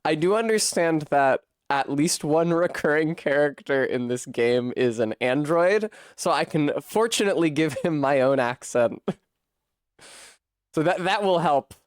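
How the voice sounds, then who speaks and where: A man's voice: fairly high pitch, animated, measured pace, clean tone, no room sound, studio quality. Chatty self-mocking streamer man. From Rhode Island. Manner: chatty, self-deprecating, swears casually. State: coughing fits. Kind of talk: casual stream chat.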